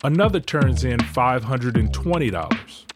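Brief: male show narrator, mid-pitched, plain guitar bed behind him. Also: lively intonation, normal speed. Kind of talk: scripted narration. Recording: music underneath.

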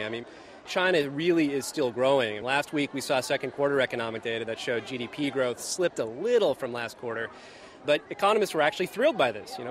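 A man reporting for the radio from outdoors at a busy expo, describing the scene in a relaxed way with fillers. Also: medium pitch, slight background noise. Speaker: reporter, bureau chief.

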